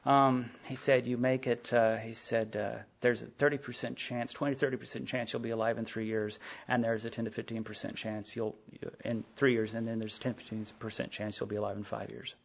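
A man's voice: mid-range voice, level tone, brisk, creaky, hardly any pauses. A middle-aged man giving a rambling personal talk at a recovery meeting, full of fillers and quoted dialogue. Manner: rambling storytelling with many fillers, quoting others. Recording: dull lo-fi recording.

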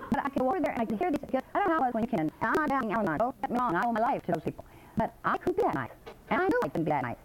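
A woman's voice: medium pitch, darkish tone, a little hiss or hum, low-quality recording. An older woman giving a rambling, folksy personal testimony at a recovery meeting.

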